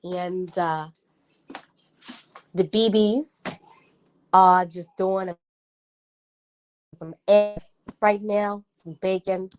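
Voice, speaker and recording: A woman's voice: mid-range voice, steady tone, extremely slow, pauses often, a little mellow, clean tone. Woman, thirties, livestream host, casual chat, heated rant. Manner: chatty, gets heated and ranty. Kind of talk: casual live chat with viewers.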